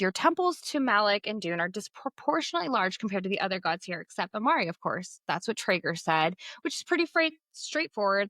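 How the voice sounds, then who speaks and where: A woman's voice: on the low side, pushed and bright, no echo. Woman podcast co-host, chatty recap voice, laughs at her own slips, dry close mic. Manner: giggly, self-deprecating, stumbles over words. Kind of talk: casual book-club chat.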